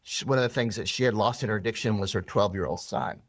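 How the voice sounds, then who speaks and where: A man's voice: lowish voice, quick pace, dry recording. A man being interviewed, earnestly telling a personal story with many restarts and rambling asides. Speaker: interview guest.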